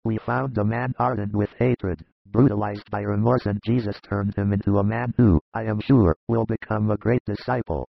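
A man's voice: on the low side, fairly even intonation, moderate pace, gravelly, hardly any pauses, dry recording, dull audio. A man voicing an older male disciple who speaks in an earnest, fatherly way, in a dramatized audiobook reading.

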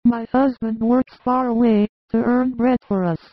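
A woman's voice: fairly high pitch, fairly even intonation, a little slow, no room sound. A woman playing a suffering young mother. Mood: pleading. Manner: pleading and emotional. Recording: muffled, narrow phone-like sound.

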